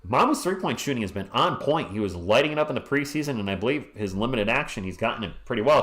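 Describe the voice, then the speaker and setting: Hoarse male stream host, casual play-by-play with lively pitch, greets chat by name. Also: quick pace, few pauses. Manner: chatty, greets chat viewers by name between plays. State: hoarse, losing his voice. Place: home at night.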